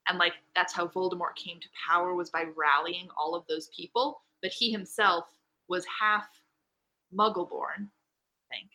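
A woman chatting excitedly in a casual book club conversation, rambling with lots of fillers. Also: lowish voice, moderate pace. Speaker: book club podcast member. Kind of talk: casual chat.

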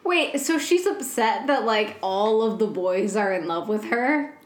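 A woman's voice: a little high, lively intonation, a little slow, reverberant. A woman co-hosting a podcast, reacting with laughter and disbelief in casual chat. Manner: giggly, incredulous reactions. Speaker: podcast co-host.

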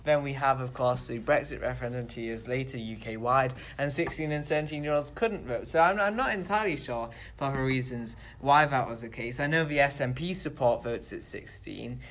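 A man's voice: mid-range voice, moderate pace, few pauses, a bit bright. A British man co-hosting a casual political podcast, chatty and self-deprecating with frequent restarts. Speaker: podcast co-host.

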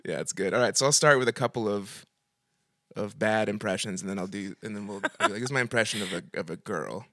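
A man hosting a comedy podcast, bantering casually and making deadpan prank calls, laughing often. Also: lowish voice, quick pace, no echo, studio quality.

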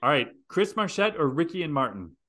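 A man's voice: a little high, sing-song, fairly quick, fairly bright tone. A man co-hosting a podcast, chatting casually and joking with emphatic repetition. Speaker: podcast co-host. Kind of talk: casual chat.

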